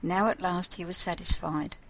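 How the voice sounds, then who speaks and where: Calm, low-voiced woman storyteller. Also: rough recording. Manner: calm, measured narration. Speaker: narrator. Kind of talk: storybook reading.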